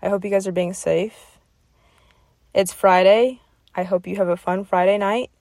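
A woman's voice: medium pitch, steady tone, moderate pace, darkish tone, dry recording. Woman, young adult, podcast host, motivational talk, encouraging, dry close sound. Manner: encouraging, repeats "okay?" often. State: getting emotional.

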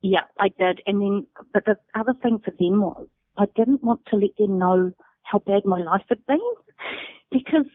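A middle-aged New Zealand woman, appearing as a guest, tells her personal story candidly and swears freely. Her medium-pitched voice moves at normal speed, with no room sound and a dry, phone-like quality.

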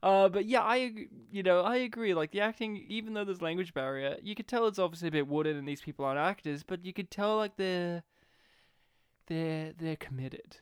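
A man co-hosting a casual film-review podcast, talking in an animated way, laughing often and acting out scenes. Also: high voice, fairly quick, clear, resonant tone, dry recording, studio quality. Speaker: podcast co-host.

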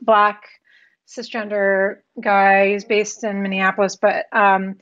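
A woman, a therapist and artist, talking as a podcast guest in a reflective, halting way, thinking aloud with many pauses. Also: mid-range voice, little pitch movement, a bit bright, clear, resonant tone, dull audio. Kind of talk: casual conversational interview.

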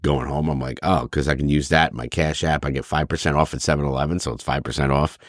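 A man in his fifties co-hosting a podcast, telling profane, animated stories and acting out the voices of other people. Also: rumbling low, fast talker, no room sound, studio quality. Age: 50s. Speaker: podcast co-host. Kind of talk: casual chat.

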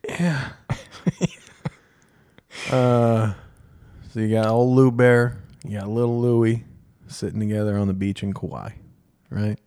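A man's voice: on the low side, fairly even intonation, slow, long pauses, mellow, smooth. A man co-hosting a podcast, casually telling a candid, self-deprecating story and acting out the lines of others. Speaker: podcast co-host.

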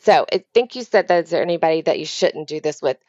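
Woman therapist, lowish voice, dry slightly muffled remote call audio, explains patiently. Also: animated, fast talker, no room sound. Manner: explanatory, warm-hearted professional advice with frequent ums. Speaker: therapist guest. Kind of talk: remote interview conversation. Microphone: video call.

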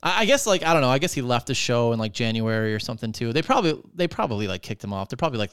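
A podcast host with a smooth, medium-pitched voice rants rapid-fire with few pauses, profane, animated and rambling, with frequent fillers. The clean studio recording has no echo.

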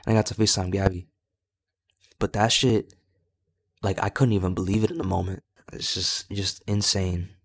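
A young man hosting a podcast, candidly telling a personal story in a rambling way, swearing a lot. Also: sits low. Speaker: podcast host.

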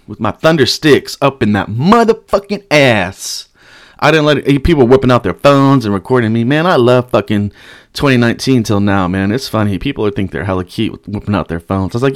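A young man telling a rowdy story in casual, profane speech, breaking into loud chants and shouts. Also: mid-range voice, a little fast, dry recording, clean studio sound.

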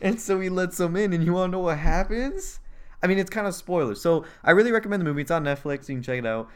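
A man's voice: high voice, fast talker, clean tone. A man in casual chat, animatedly retelling a movie plot with jokey asides. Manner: animated storytelling with jokey voices.

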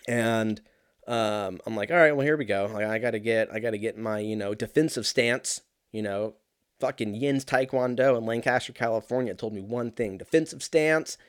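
A man's voice: fairly low pitch, moderate pace, clean tone, no room sound. Man, early 30s, casual storyteller, swears a lot, rambles and animates, dry close sound. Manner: rambling, profane, animated anecdote with frequent fillers.

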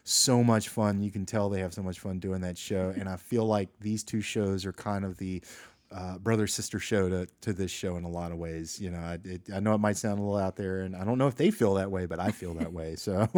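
A man's voice: deep voice, fairly even intonation, brisk, a little mellow, no echo. A man co-hosting a casual movie podcast, chatty and enthusiastic, laughing often. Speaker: podcast co-host.

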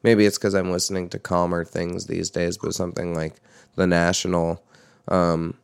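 A young man in casual chat about music, talking loosely with swearing and jumping up in pitch when he quotes himself. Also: little pitch movement, normal speed, gravelly, clean tone, no echo.

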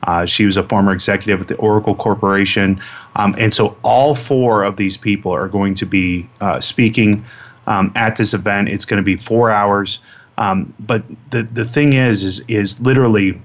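A man's voice: fairly low pitch, steady tone, moderate pace. A man hosting a radio interview show, talking casually and rambling with lots of fillers and repeated words. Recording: dull lo-fi radio audio.

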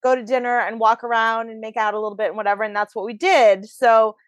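A woman's voice: on the high side, steady tone, fast, no room sound. A woman hosting a podcast, chatting frankly and casually about her dating life. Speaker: podcast host. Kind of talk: casual chat. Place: New York.

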